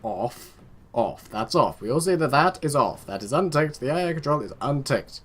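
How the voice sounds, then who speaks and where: A man's voice: on the high side, very animated, normal speed, slightly rough. A young man giving casual let's-play commentary, rambling and chatting to his game units with muttered asides. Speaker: gaming video host.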